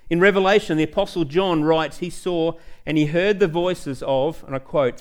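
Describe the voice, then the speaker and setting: A middle-aged man, preaching a sermon in a church and telling personal stories with growing excitement. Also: fairly high pitch, normal speed, few pauses. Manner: storytelling, animated, rising excitement. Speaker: pastor.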